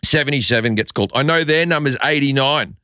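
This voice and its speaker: A man's voice: mid-range voice, fast, clean tone, dry recording, clean studio sound. A man telling a story as a comedian guest on a podcast, acting out the people in it and swearing freely. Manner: animated, acts out quotes, swears freely. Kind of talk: casual storytelling.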